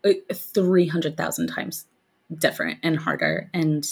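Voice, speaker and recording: A woman's voice: sits low, big pitch swings, a little slow, vocal fry, breathy edge. A woman co-hosting a podcast in casual chat, talking loosely with many fillers and frequent laughter. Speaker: podcast co-host.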